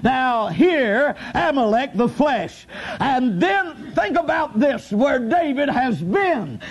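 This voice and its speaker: A man preaching a sermon, halting often on fillers and building up to emphatic shouts on key points. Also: very high voice, very animated.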